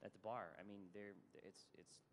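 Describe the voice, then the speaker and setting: A man speaking on a conference panel as a service provider, talking quickly and often repeating words as he restarts. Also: lowish voice, steady tone, slight background noise.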